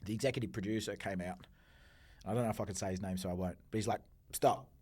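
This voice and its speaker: A man's voice: fairly low pitch, racing, husky. A man in his forties with an Australian accent, a guest telling stories in a casual interview, acting out his own outbursts. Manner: animated storyteller, acts out quoted outbursts, swears freely. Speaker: podcast guest, entrepreneur.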